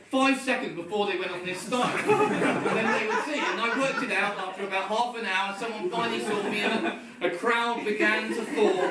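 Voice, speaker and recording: A man doing stand-up at an open mic, telling a rambling, self-deprecating story. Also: high-pitched. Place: pub comedy room. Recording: echoey room from far off, loud background noise. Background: audience laughter.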